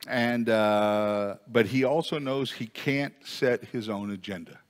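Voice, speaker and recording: A man's voice: medium pitch, animated, a little slow. A man preaching a sermon as pastor in a conversational way, rising to emphatic peaks. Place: church sanctuary. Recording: long church reverb.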